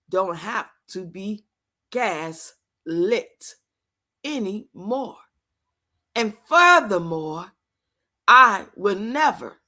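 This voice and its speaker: A woman doing a mocking impression of another woman streamer, speaking slowly and with exaggerated solemnity. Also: mid-range voice, bright, forceful tone, pitched below the performer's own voice, exaggerated voice. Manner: slow, drawn-out, mock-solemn delivery.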